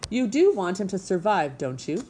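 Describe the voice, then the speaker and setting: A woman voicing a bossy old female goose who scolds briskly and sharply in a storybook reading. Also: mid-range voice, very animated, mellow, slight background noise, lightly acted. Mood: scolding.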